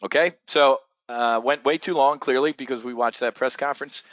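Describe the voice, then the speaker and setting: A man hosting an options trading show, giving excitable, blunt commentary full of swearing. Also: mid-range voice, normal speed, dry recording, dull audio. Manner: excitable, profane, blunt asides. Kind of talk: live market commentary.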